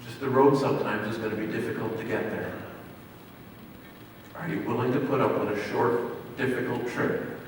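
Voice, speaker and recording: A male pastor delivers a sermon in a church hall, building to loud emphatic peaks and falling away to quiet lines. The mic sits far off, so his voice rings through a long, roomy reverb with a faint hum of ambience behind. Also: medium pitch, fairly even intonation, normal speed, long pauses. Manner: dynamic preaching, swinging from loud emphasis to near hush.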